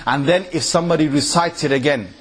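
Animated male preacher, slightly high voice. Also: fast talker. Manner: animated, quizzes the audience with rhetorical questions; swings between loud emphatic bursts and low quiet asides. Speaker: Islamic preacher addressing a gathering. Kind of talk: lively sermon with recitation examples.

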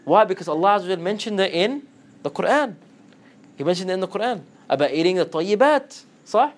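A man giving an animated Islamic lecture, slipping into Arabic phrases and acting out quotes in a lower voice. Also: fast talker. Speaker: Islamic teacher. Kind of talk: lively lecture to students.

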